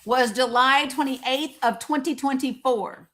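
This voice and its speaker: A woman with a fairly high voice hosts a live stream in casual debate. She is teasing and skeptical, laughing often. She presses her caller with the same pointed questions again and again. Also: fairly even intonation, unhurried, a bit bright. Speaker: livestream host.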